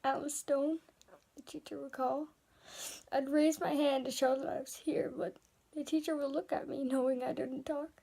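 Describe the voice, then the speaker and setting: A woman narrating a dark first-person story in a soft, hesitant voice that often drops into a whisper. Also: high voice, flat delivery, normal speed, vocal fry.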